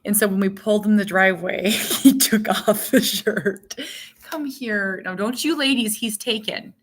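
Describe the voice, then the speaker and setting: A woman's voice: mid-range voice, unhurried. A middle-aged woman hosting a casual live stream, rambling chattily and reading out viewer comments as she goes.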